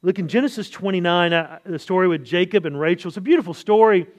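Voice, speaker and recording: A man's voice: high-pitched, quick pace. A man preaching an expository sermon in a conversational way, asking rhetorical questions and often restarting his sentences.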